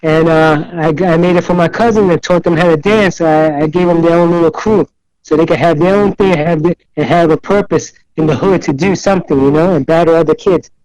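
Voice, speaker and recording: A man's voice: fairly high pitch, fairly quick, no echo, rough recording. An older man, a guest in a casual interview, telling rambling stories and acting out the other voices. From New York City. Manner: rambling, animated storyteller who acts out other voices in quotes.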